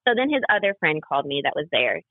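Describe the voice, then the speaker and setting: Fast and sing-song, a young woman with a low voice rambles through a personal story as a podcast guest, full of fillers and acted-out quotes from others. The casual interview is recorded dry, with a tinny, phone-like tone.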